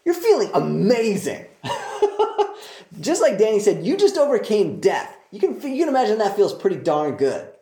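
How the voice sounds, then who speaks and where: A man's voice: high voice, big pitch swings, brisk, few pauses, mellow. A man teaching a Bible passage in a casual, enthusiastic way, full of joking asides. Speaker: preacher. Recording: roomy echo.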